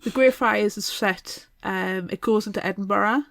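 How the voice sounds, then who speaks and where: A woman's voice: medium pitch, normal speed, gravelly, fairly bright tone. A British woman co-hosting a podcast in casual chat. She talks with enthusiasm and rambles through restarts. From Britain. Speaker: podcast co-host.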